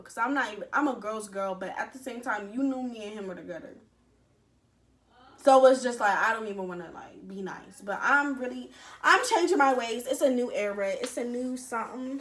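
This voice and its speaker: Young woman, vlogger, rambling storytime, bright forceful voice, echoey room. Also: on the high side. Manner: animated and rambling, with slang and cursing. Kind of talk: casual storytime.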